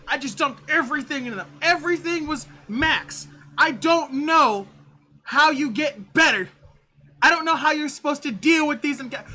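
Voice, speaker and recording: Streamer, live gameplay commentary; bright, sharp tone; swears freely, exasperated. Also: sits high, normal speed. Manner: profane exasperated ranting.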